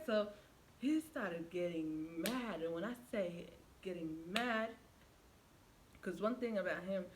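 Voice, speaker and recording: A woman's voice: mid-range voice, slight background noise. A young woman on her vlog, telling a personal story in a chatty way, talking straight to her viewers and acting out what people said. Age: young adult. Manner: animated storyteller who acts out quoted dialogue; chatty, addresses viewers directly. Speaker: vlogger. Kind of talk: storytime vlog, casual retelling.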